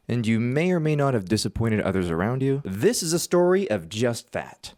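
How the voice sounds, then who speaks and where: A man in his twenties telling a personal story in an animated, self-mocking way. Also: medium pitch, moderate pace, hardly any pauses, no room sound, studio quality. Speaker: vlogger.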